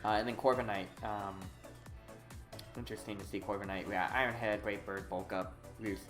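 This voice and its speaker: A streamer giving live commentary on a video game, excitable and full of hesitant fillers. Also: deep voice, normal speed, music in the background. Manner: excitable, swings from quiet muttering to loud whooping.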